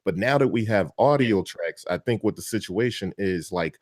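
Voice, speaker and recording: Low-voiced laid-back man. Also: normal speed, dry recording, studio quality. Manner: relaxed, laughs easily, slangy. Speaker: podcast co-host, beatmaker. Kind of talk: casual chat about music production gear.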